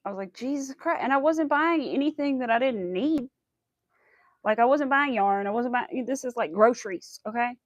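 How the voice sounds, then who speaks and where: A woman's voice: fairly high pitch, normal speed, dry recording. A young woman hosting a crochet livestream, chatting casually and rambling through stories with quoted asides. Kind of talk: casual chat while crocheting.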